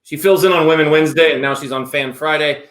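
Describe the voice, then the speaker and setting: A middle-aged man hosting a show, joking and animated in casual banter. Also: a little high, fast. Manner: animated and joking, prone to whoops. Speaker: show host. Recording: roomy echo.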